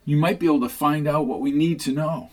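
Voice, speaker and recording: A man's voice: on the high side, brisk, a little mellow, close to an everyday voice. A man voicing an easygoing male truck-driving cowboy in a plain, laid-back way.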